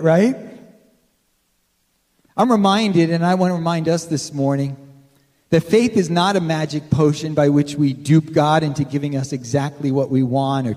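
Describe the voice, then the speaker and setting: A male pastor with a notably high voice preaching to his congregation in an easy, conversational way, often calling out for an amen. His words ring through the long reverb of a large church sanctuary. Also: mellow. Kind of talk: sermon.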